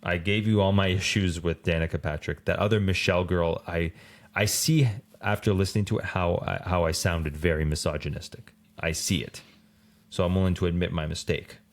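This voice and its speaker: A man co-hosting a racing podcast in casual chat, rambling and animated, full of fillers. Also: deep voice, brisk. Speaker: podcast co-host.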